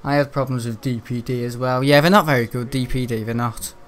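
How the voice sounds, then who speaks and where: A man's voice: mid-range voice, steady tone, brisk, fairly bright tone. A man chatting casually on a gaming livestream, rambling and grumbling between frequent laughs. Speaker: gaming live streamer. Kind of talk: casual livestream chat while playing.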